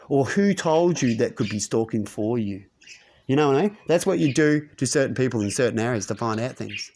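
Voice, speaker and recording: Man, rambling rant, rhetorical tags, fairly high voice. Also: slight background noise. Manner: rambling, rhetorical, keeps tagging "right?". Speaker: channel host. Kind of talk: ranting monologue to camera.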